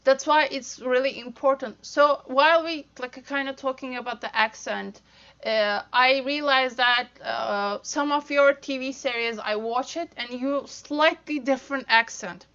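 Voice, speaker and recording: Turkish native woman hosting, high bright voice, lots of like, um, dull lo-fi audio. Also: a little slow. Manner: searching for words, frequent "like". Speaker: podcast host. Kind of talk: casual interview chat.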